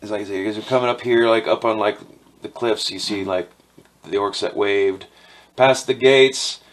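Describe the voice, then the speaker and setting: A young man narrating as game master of a tabletop game in a relaxed, rambling way with many fillers. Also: on the low side, moderate pace.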